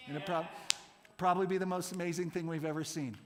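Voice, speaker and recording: High, animated man in a reverberant hall. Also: fast. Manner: animated, jokey, laughs often. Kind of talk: playful quiz with a youth group. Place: church service room.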